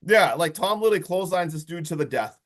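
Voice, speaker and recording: A man with a slightly high voice recaps a horror movie on a podcast, rambling excitedly and peppering his talk with "like" and "friggin'". He keeps the story rolling as if it were a casual chat with a friend. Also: fast. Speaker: podcast co-host.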